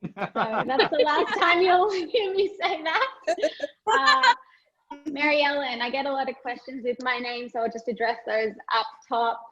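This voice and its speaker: A high-pitched Australian woman works through a stand-up set with self-mocking, playful jokes and little laughs in between. The sound is dull and lo-fi, like a stage set picked up by a modest recorder. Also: lively intonation, a little slow, bright, forceful tone. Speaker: stand-up comedian.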